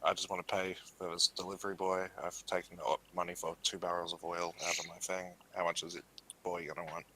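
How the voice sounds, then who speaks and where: A man's voice: low-pitched, completely flat delivery, a little fast, background noise. A man playing a character in a tabletop game, speaking bluntly and matter-of-factly. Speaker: player. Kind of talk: casual tabletop play.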